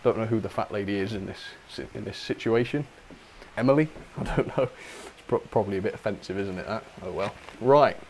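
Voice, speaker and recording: A man's voice: lowish voice, brisk, a little mellow, slight background noise. Chatty giggly man. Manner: chatty, giggly, self-mocking, reads chat aloud. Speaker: host of a model railway livestream. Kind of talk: casual livestream chat.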